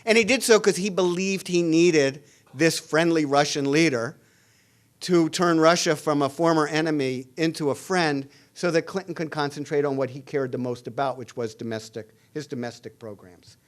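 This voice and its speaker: A middle-aged man delivers a public lecture in a lecture hall at a forum. His pitch sits a little above the usual for a man. He talks in a measured way, with "uh" fillers and restarts, and leans on quoted lines when he reads them out. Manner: reads quoted dialogue aloud with added emphasis. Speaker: international relations professor giving a lecture.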